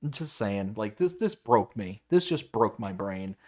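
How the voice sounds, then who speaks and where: A man's voice: on the low side, sing-song, a little slow, darkish tone. A man co-hosting a casual live stream, stammering and exasperated as he reacts and reads chat comments aloud. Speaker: livestream co-host.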